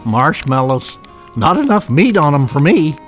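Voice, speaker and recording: A contented male dog who narrates a family audio drama. His folksy voice sits a little high and swings lively up and down. Soft music plays underneath. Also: a little slow. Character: easygoing male dog, narrator, hearty eater.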